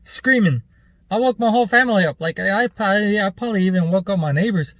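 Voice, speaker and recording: A man's voice: sits high, a little fast, no echo. A man vlogger telling a rambling, loose story in casual chat, with plenty of fillers and some swearing.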